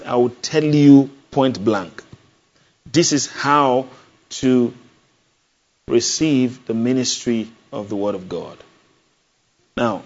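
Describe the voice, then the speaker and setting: Male pastor, mid-pitched, preaches with emphatic questions and repetition; lo-fi capture. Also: darkish tone. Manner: emphatic, call-and-response questions, repeats phrases. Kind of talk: sermon. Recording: dull lo-fi sound.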